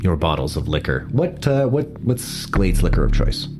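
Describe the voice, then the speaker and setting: A man's voice: low voice, sing-song, moderate pace, over music. A man narrating as game master of a tabletop game, casual and full of small self-corrections.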